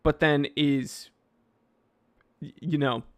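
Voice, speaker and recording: Male livestream host, casual and animated, slightly raised pitch, lots of restarts. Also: slow pace. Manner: animated, reads viewer names aloud, frequent fillers and restarts. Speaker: livestream host answering chat. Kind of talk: casual live chat. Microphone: microphone he sometimes bumps.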